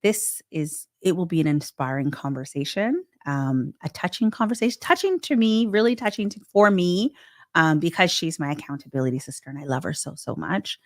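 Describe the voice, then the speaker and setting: A woman co-hosting a podcast in casual chat, animated and emphatic, swinging between loud bursts and hushed asides. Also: low-pitched, brisk. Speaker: podcast co-host.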